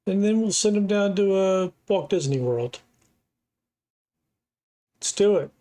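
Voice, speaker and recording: A man's voice: sits high, animated, measured pace, mellow. A middle-aged man from the United States hosts a reaction video with earnest, opinionated commentary. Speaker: reaction channel host. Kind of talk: casual commentary.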